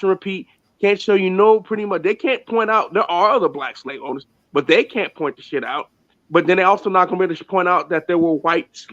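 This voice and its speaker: A man co-hosting a loose chat podcast, bragging and cursing as he tells stories. His voice sits fairly high. The recording is lo-fi and muffled, with no room echo. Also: a bit bright. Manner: boastful storytelling, profane. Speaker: podcast co-host. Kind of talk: casual chat. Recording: dull lo-fi dry sound.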